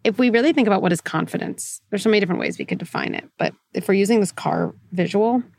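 An animated woman hosting a parenting conversation, explaining ideas with energy and bits of role-played dialogue. Her voice sits in an even middle register. The recording is dry and close. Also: medium pitch, fast, vocal fry, no room sound. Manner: animated, acts out quoted inner voices, frequent laughs. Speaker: parenting psychologist host. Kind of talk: casual advice conversation.

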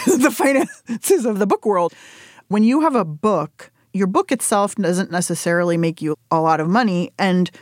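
A woman in her forties, a cookbook author talking candidly in an interview, animated and quick to laugh, leaping up in pitch whenever she quotes herself. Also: no room sound, clean studio sound. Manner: animated storytelling, jumps high when quoting herself, laughs often.

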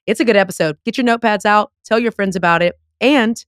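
A woman hosting a podcast in casual chat, excitable and emphatic, with slangy Southern-leaning phrasing. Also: medium pitch, fast, no echo, clean studio sound. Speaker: podcast host.

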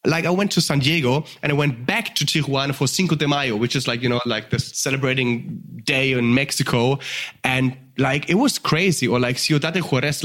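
An excited man talking casually as a podcast guest, in a mid-range voice. He rambles, leans on filler words and drops the odd swear as he goes. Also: medium pitch, a little fast. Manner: enthusiastic. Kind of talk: casual storytelling chat.

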